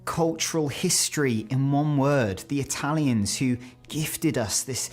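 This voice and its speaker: A man's voice: mid-range voice, unhurried, soft background music. A British man from the UK presenting a chatty, self-mocking video about how words are pronounced. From United Kingdom. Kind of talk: scripted video commentary on word pronunciations.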